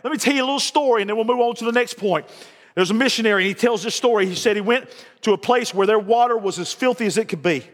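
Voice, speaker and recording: A man's voice: sits high, rapid-fire. A man preaching a sermon in a church, folksy and emphatic, repeating his phrases. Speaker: pastor. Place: church sanctuary. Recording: long reverb of a large hall.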